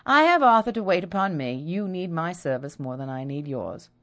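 A woman's voice: extremely low pitch, normal speed, a little mellow, dry recording. A woman reading the part of a spirited, good-humoured young woman who is newly engaged.

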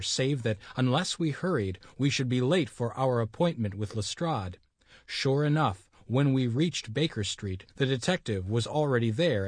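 A man narrating a classic detective story aloud in a steady, even storytelling manner. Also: mid-range voice, no echo, studio quality. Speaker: audiobook narrator.

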